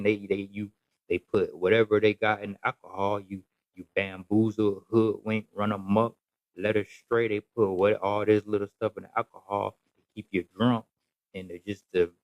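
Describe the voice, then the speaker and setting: Man, very low voice, casual rambling rant, repetitive, emphatic. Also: no echo, lo-fi sound. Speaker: social media commentator.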